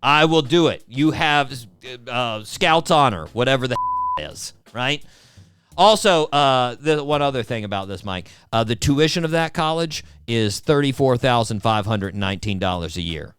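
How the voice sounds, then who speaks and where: A man's voice: medium pitch, lively intonation, normal speed, fairly bright tone, clean tone. A male podcast host, chatting casually in a wry, sarcastic way and often addressing his co-host. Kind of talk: casual chat.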